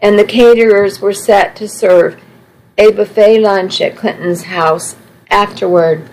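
A woman's voice: mid-range voice, steady tone, unhurried, a little mellow, low-quality recording. A woman reading a first-person story aloud with earnest, emotional storytelling. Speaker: audiobook narrator. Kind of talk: first-person scripted narration.

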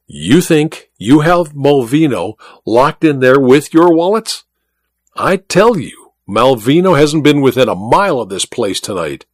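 A man reading aloud, voicing an excitable dapper gentleman who talks in an agitated, urgent way. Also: mid-range voice, a little slow, dry recording, clean studio sound. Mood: insistent.

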